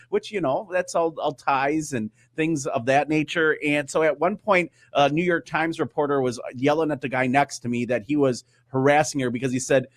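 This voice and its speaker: A man's voice: fairly high pitch, fairly quick, no echo, studio quality. A man, a guest on a casual show, who tells long rambling anecdotes and acts out the quoted exchanges. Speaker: guest, radio news host. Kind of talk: casual chat. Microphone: wearing headphones on a call.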